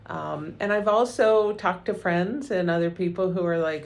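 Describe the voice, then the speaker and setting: A middle-aged woman counselor giving a calm, encouraging educational talk, with frequent ums and "right?" check-ins. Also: on the low side, moderate pace, vocal fry.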